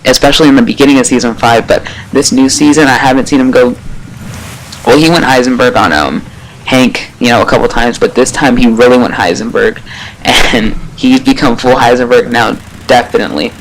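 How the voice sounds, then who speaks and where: A man reviews a TV episode in a loose, rambling way. He retells scenes excitably, with plenty of fillers and casual swearing. His voice sits at a middle pitch, and faint noise hums underneath. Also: fairly quick, low-quality recording.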